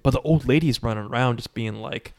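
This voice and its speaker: A podcast co-host talks a little fast in a mid-range voice as he casually retells a movie. Fillers, especially "like," run through his animated account, and he briefly puts on voices when quoting characters.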